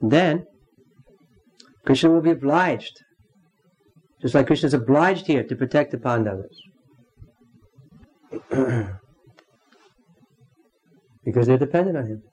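A man teaching a devotional class in a halting way, pausing often and clearing his throat. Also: medium pitch, darkish tone, low-quality recording. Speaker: spiritual teacher.

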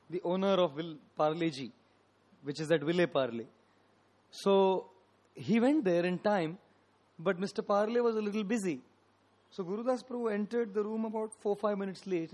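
Male preacher, somewhat high-pitched, emphatic devotional sermon delivery, repeats key phrases. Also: poor audio. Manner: emphatic, repetitive, swelling and dropping in loudness.

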